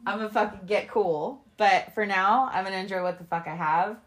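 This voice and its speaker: A young woman chatting on a podcast. Her stories are loose and full of swearing, and she breaks into laughter often. Her pitch sits in the middle for a woman. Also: fairly quick. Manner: profane, animated storytelling with frequent laughter. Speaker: podcast co-host. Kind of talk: casual chat.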